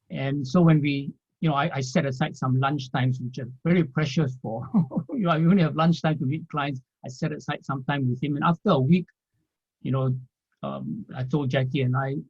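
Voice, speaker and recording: Husky man telling a rambling story. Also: mid-range voice, moderate pace, a little mellow. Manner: rambling, with frequent "you know" and light laughs. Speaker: interviewee, former financial planner. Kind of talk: storytelling in an interview. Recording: dull lo-fi audio.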